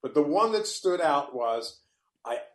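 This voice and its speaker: A man with a fairly high voice talks with lively rises and falls. He is a chat-show guest who often restarts his sentences, and his voice carries a roomy echo. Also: measured pace. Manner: expressive, restarts often, soft asides. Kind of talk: casual chat.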